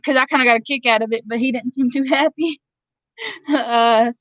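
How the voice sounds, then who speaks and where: A woman's voice: high-pitched, fairly even intonation, moderate pace, a bit bright, no echo, highs cut off. Woman with a Georgia drawl, rambling chat. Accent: Southern US (Georgia) drawl. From Georgia, USA. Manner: rambling, laughs often between sentences. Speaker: vlogger reading live chat. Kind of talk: casual live-stream chat.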